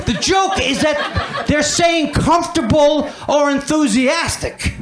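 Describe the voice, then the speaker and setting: Speaking at normal speed with hardly any pauses, a man with a very high voice does a stand-up set on a club stage. He riffs on his own weak material and mocks himself, and the roomy recording picks up a laughing crowd.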